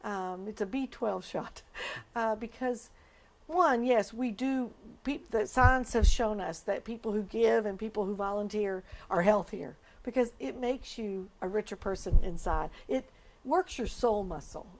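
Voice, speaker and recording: A woman's voice: mid-range voice, measured pace. A woman pastor speaking in a documentary interview, earnest and emotional as she tells her story.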